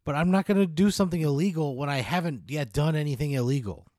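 A man's voice: fairly high pitch, quick pace, darkish tone, dry recording, studio quality. A man in improvised comedy banter who argues back in an exasperated, protesting way and swears often.

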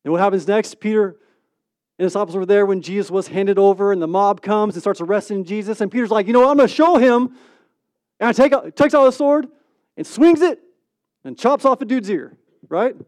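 This pastor delivers a sermon as animated storytelling, acting out scenes and swinging quickly between loud and hushed. He keeps it conversational, often checking in with "right?" His voice is high, and the recording is dry with no room echo.

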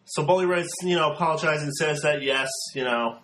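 A man's voice: a little high, brisk, a bit bright, reverberant. A young man hosting a podcast, giving a rambling, sarcastic casual recap full of filler words. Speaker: podcast host.

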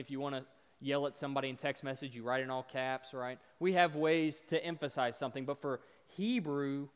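A man preaching a sermon, emphatic, swelling loud on repeated words and dropping soft to make a point. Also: fairly high pitch, smooth. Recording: long hall reverb.

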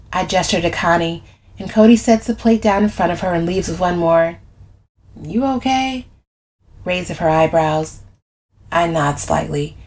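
A woman narrating first-person fiction as an audiobook, telling it expressively. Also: on the low side. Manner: expressive storytelling.

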